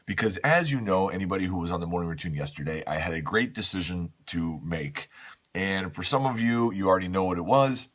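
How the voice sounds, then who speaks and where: A man hosting a daily morning show, talking quietly and casually to the camera at home, his voice rough and tired. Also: low voice, expressive, a little fast. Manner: speaking softly and a bit hushed. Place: at home, seated in a chair.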